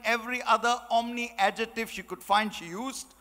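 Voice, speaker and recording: A high, lively male voice bounces through the story, bright and forceful in delivery. He acts out each line of dialogue as he goes. The sound carries the long reverb of a large hall. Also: moderate pace, few pauses. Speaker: speaker. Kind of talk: storytelling in a motivational talk.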